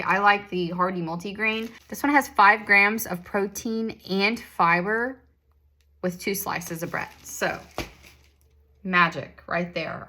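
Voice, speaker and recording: A woman's voice: lowish voice, bright, forceful tone. A woman in her thirties chatting casually as a vlogger, encouraging and self-deprecating. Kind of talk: casual chat.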